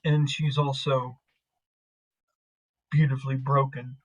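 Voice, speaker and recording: A man voicing a weary, guarded crew leader who speaks hesitantly, with many halting pauses. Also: mid-range voice, level tone. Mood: quiet, earnest. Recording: muffled lo-fi mic.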